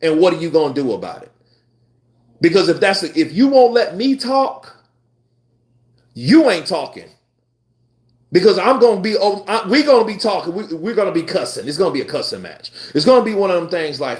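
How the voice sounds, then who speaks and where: A man hosting a live boxing stream, chatting casually with his viewers in a blunt, profane, animated way. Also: high voice, a little fast. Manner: animated, profane, talks back to chat. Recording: roomy echo.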